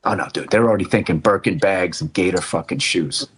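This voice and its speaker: A man co-hosting a podcast, chatting about sports in an animated, profane way. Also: deep voice, fairly quick, noisy background. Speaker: podcast co-host. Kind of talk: casual sports chat.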